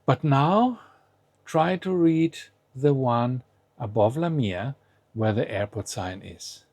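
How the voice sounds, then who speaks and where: A man with a husky, slightly rough voice, explaining a lesson in a patient, step-by-step way. He keeps pausing to invite the listener to try each word aloud first. The sound is dry and close, with no room around it. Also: mid-range voice, lively intonation, darkish tone, dry recording. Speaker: language teacher.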